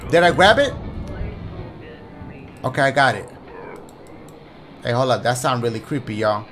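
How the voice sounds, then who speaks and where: A man giving excitable, profane let's-play commentary on a horror game and talking to his viewers. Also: medium pitch, measured pace, faint music behind. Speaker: gaming YouTuber.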